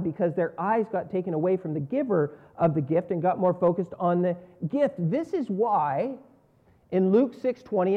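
A man preaching a sermon in an earnest style, rising on key words and falling low at the ends of phrases. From North America. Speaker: pastor. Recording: dull lo-fi sound.

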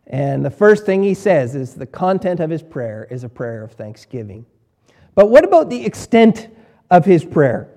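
Man, pastor, sermon, high voice, mellow tone, emphatic, repetitive stress. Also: very animated, moderate pace. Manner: emphatic, repeats key words, swings between soft and loud.

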